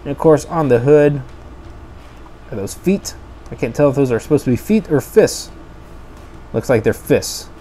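A man talks through a casual toy review in a voice of middling pitch, enthusiastic and chatty. He thinks out loud as he goes, and a faint hiss of noise sits behind him. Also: animated, moderate pace, pauses often.

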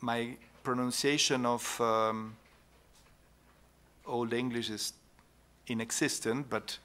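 Slow, bright-toned male lecturer. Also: mid-range voice, steady tone. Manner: unhurried, pauses with "no?" tags and restarts. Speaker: conference speaker. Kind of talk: academic conference talk.

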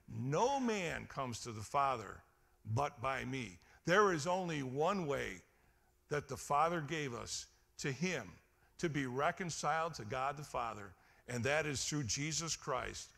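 A man preaching a sermon in a high, bright voice. He swings from ringing exclamations down to quiet, low emphasis and calls out to his congregation for responses. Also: vocal fry. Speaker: pastor.

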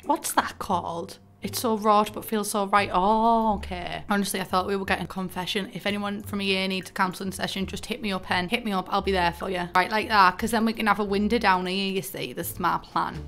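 A young woman with a broad Teesside accent talks her way through a building game. She tells stories in a chatty, self-mocking way, full of local slang. Her pitch sits in a middling range. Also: steady tone, brisk, hardly any pauses, a bit bright. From North East England. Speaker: gaming YouTuber. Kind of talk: casual gameplay commentary.

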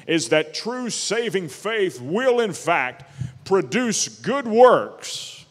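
A man preaching a sermon as pastor, emphatic and slowing down to stress key words. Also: on the high side, fairly bright tone, long reverb tail. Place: church sanctuary.

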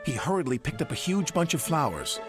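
A man reading a storybook tale aloud as narrator, with expressive delivery. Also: a little high, brisk, over loud music.

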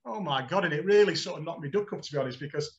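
A middle-aged man, a guest on a podcast, telling animated anecdotes and acting out the dialogue with frequent laughter. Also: on the high side, very fast, lo-fi sound. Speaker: guest, former footballer. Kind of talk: casual podcast storytelling.

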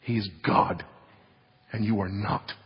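A man's voice: lowish voice, level tone, a little slow, long reverb tail, highs cut off. A man preaching a sermon in an emphatic, repetitive style, driving points home with solemn, falling stresses.

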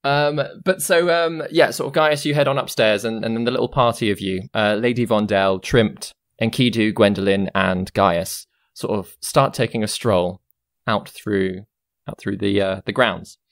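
A man's voice: fairly low pitch, moderate pace, no room sound, studio quality. A man running a tabletop game as dungeon master, loose and full of fillers. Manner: loose, filler-heavy, laughs easily.

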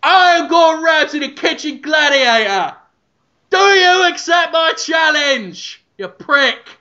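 Bellowing male chef gladiator, bright piercing tone, abrasive, voiced by a man, lo-fi sound. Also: high-pitched, expressive, a little slow, exaggerated voice. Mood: bellowing challenge. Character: brash shouting male celebrity chef gladiator.

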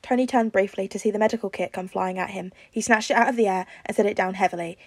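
A woman reading a fan fiction story aloud in an even storytelling manner. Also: mid-range voice, fast, vocal fry, dry recording. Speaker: podfic reader.

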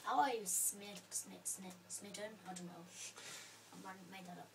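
A woman's voice: mid-range voice, unhurried, noisy background. A woman giving rambling, playful commentary over her gameplay, full of fillers like "um".

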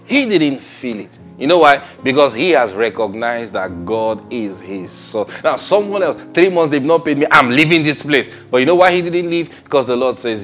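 A man preaching a sermon, emphatic, laughing often and acting out quoted people in a low muttering voice. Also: fairly bright tone.

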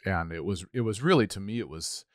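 A man's voice: low-pitched, lively intonation, brisk, dry recording, studio quality. A middle-aged man co-hosting a casual talk, thinking aloud with many restarts. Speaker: podcast co-host, pastor. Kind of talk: casual conversation.

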